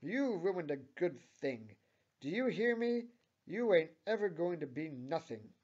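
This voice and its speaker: A man voicing a loud, angry male coffee shop manager who yells threats, on a dull lo-fi recording. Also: fairly high pitch, very animated, measured pace, pitched above the performer's own voice. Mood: yelling angrily. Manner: yelling, threatening.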